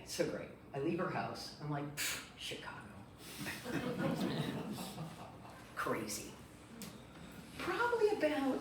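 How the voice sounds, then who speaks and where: A middle-aged woman from Michigan, speaking as a guest speaker to a group, telling a personal story in a lively, animated way and acting out the quotes. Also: deep voice, slight background noise. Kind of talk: storytelling talk. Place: meeting room. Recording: echoey room, distant mic.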